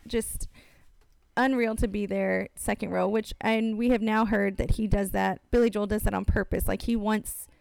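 A woman's voice: medium pitch, steady tone, normal speed, vocal fry, darkish tone, smooth, no room sound. A young adult woman, co-hosting a podcast and telling a story in casual chat, acting out the quotes. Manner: chatty storyteller, acts out quotes. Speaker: podcast co-host.

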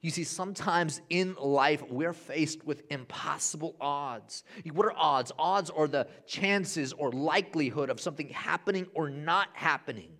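A man in his thirties, a pastor preaching a sermon with animated storytelling that swings between hushed and loud. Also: on the high side, unhurried, few pauses. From Honduras.

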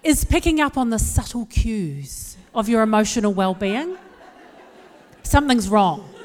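A New Zealand woman speaking on stage, her fairly high voice ringing out with a long hall echo. She tells her stories candidly and pokes fun at herself. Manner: candid, self-deprecating, lively storytelling. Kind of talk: humorous personal talk to a live audience.

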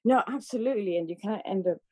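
Spanish woman, Scottish-tinged accent, podcast guest, soft husky mellow voice, laughs a lot. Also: mid-range voice, quick pace. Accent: Spanish with a Scottish lilt. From Spain. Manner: laughs often, rambling with restarts. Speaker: podcast guest, focus puller. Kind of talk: casual interview chat.

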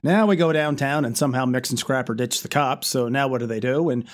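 A man recaps an animated episode in relaxed podcast talk, moving steadily through the plot. His humor is dry and sarcastic, tucked into plain narration. He sounds like an easygoing co-host. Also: medium pitch, a little fast. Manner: wry, deadpan plot narration with sarcastic asides. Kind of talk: casual episode recap chat.

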